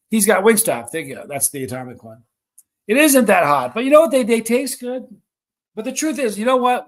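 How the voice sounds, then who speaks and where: Lively man hosting a live chat stream. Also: a little high. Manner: excited countdowns, reads viewer comments aloud.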